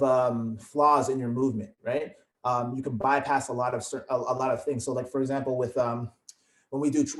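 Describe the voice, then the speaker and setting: A man leading an online movement class, explaining at an easy pace with lots of fillers and tag questions. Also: mid-range voice. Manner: relaxed, explanatory, many fillers and "right?". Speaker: movement instructor. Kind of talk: teaching an online fitness class. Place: indoor studio. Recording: echoey room.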